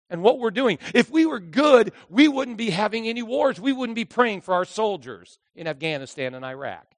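A man preaching a sermon with passion, swinging from loud outbursts to hushed asides. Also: sits high, dry recording. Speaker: pastor. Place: church.

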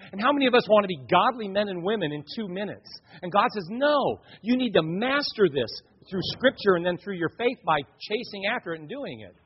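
A middle-aged pastor, high-voiced and slightly rough, preaches a sermon built around family stories. He's an animated storyteller who voices his kids and his wife. The sound is dull lo-fi in a reverberant hall.

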